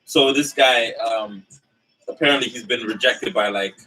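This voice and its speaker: Bright-voiced man, a little off-mic. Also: mid-range voice, normal speed, breathy edge, recorded from a distance, poor audio. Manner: playful, teasing, steers the talk to new topics. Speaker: podcast co-host. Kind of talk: casual chat.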